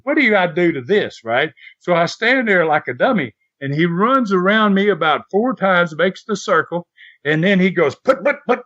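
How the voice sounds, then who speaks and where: An older man telling a long anecdote in a loose, rambling way, chuckling through it and doubling back on his words. His voice sits fairly high for a man. The podcast audio is a little dull and lo-fi. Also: sharp tone. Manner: rambling storyteller who chuckles and restarts often. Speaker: podcast guest, former wrestler.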